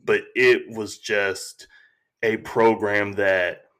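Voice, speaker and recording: A man talking as a podcast guest, telling stories in a slow, reflective way and acting out quotes. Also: fairly low pitch, flat delivery, fairly bright tone, clean tone. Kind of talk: casual conversation.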